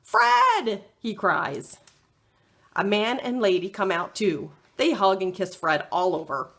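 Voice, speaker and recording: A woman librarian reading a chapter book aloud for children, slowly and expressively. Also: medium pitch. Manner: slow, very expressive. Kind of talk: read-aloud storytime.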